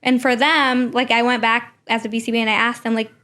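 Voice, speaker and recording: A young woman with a fairly high voice, co-hosting a relaxed conversational podcast. She talks in a loose, chatty way, leaning on "like" and "you know" as she thinks aloud. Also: quick pace. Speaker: podcast co-host, behavior analyst. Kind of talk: casual conversational podcast chat.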